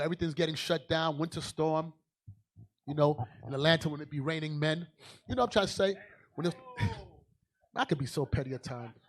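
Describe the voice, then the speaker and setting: A man preaches a fiery sermon as a bishop, emphatic and calling out to the congregation. He moves back and forth between low asides and loud declarations.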